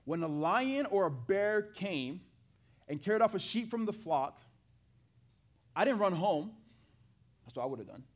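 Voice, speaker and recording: A man preaching a sermon to a live congregation, acting out the scripture dialogue in an animated way and talking with the people in the pews. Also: high-pitched, normal speed. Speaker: pastor. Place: church hall with a live congregation.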